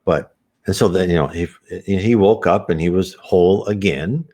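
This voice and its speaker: A man's voice: deep voice, moderate pace, warm tone. A man hosting a spiritist program, talking casually and rambling with many restarts. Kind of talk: casual spoken commentary.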